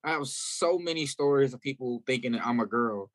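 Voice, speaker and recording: A man from South Carolina, a guest musician in a casual interview, telling stories in a candid, animated way. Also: medium pitch, brisk.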